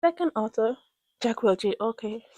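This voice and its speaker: Gushing woman with a fairly high voice. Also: normal speed, no echo. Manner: gushing, animated, rambling with restarts. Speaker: book reviewer. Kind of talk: casual chat to camera.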